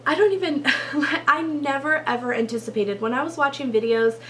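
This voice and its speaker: Chatty gushing woman youtuber from texas, kinda high voice, faint hum in the background. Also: normal speed. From Texas, USA. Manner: gushing, chatty, with laughs and run-on sentences. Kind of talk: casual vlog talk to viewers.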